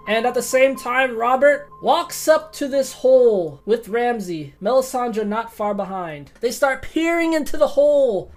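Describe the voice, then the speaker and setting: A woman's voice: fairly high pitch, darkish tone. A woman narrating a tabletop game as game master, casual and profane, often laughing at the dice rolls.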